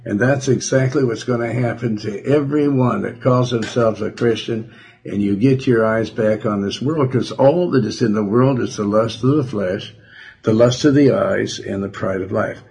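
Male radio preacher, low husky voice, halting Bible teaching with lots of fillers. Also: a little mellow. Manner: halting, full of fillers, slows to stress words.

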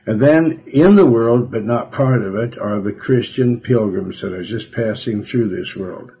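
A man preaching on the radio, working through a Bible chapter in a halting way with many fillers, slowing down to stress key words. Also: fairly low pitch, mellow, breathy edge.

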